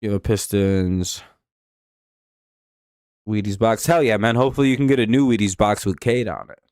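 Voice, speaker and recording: Man, live stream host, casual game commentary, rambling, swears, smooth clear voice, dry close sound. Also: lowish voice, normal speed, a little mellow, dry recording. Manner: rambling, profane, offhand.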